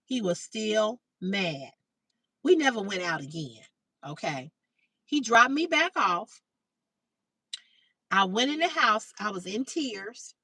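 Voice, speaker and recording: A middle-aged woman hosting a livestream, telling a story casually to her chat, acting out the quoted lines in a higher voice and swearing freely. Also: slow pace, long pauses, husky, no room sound, recorded from a distance, rough recording. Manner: animated, acts out quoted dialogue in a higher voice. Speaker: livestream host.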